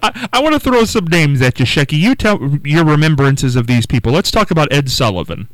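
A man's voice: on the high side, big pitch swings, brisk, rough recording. A man interviewing a comedian on radio, stumbling through restarts before his questions.

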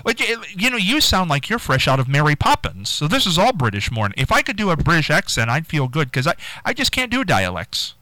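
A man's voice: on the high side, big pitch swings, fairly quick, few pauses, pushed and bright, no room sound. A man hosting a morning call-in radio show, talking in a playful, chatty way. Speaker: radio host. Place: radio studio.

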